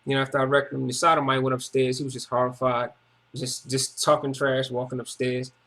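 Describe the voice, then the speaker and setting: A man's voice: medium pitch, little pitch movement, a little fast, bright, forceful tone. A man giving a rambling, emotional personal testimony in repetitive, slangy street talk. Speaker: testimony speaker.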